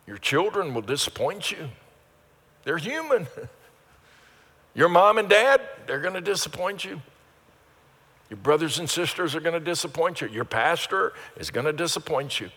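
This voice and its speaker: Older male pastor, fairly high bright voice, earnest sermon with rising emphatic peaks, church hall reverb. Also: very animated, normal speed, long pauses, husky.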